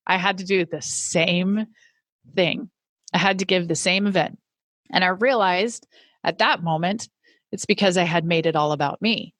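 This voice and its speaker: A middle-aged woman in a mid-range voice tells her own story as a podcast host, earnest and reflective. She slows down on the words she wants to land. Her voice is close to the mic and dry, with no room sound. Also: mid-range voice, a bit bright, dry recording. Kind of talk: personal storytelling monologue.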